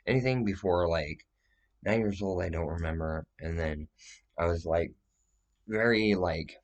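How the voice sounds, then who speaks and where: Speaking directly to the camera, a man with a low-sitting voice delivers a rambling vlog monologue. He swears heavily and breaks into agitated outbursts.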